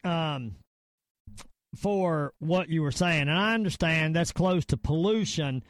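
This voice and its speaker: A middle-aged man with a Southern US drawl hosts a casual podcast. He rambles, stumbles over repeated words and leans hard on his points. His voice sits a touch high for a man and sounds close and dry. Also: takes it slowly, dry recording. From Virginia / North Carolina area, US. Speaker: podcast host. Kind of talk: casual podcast rant and sign-off.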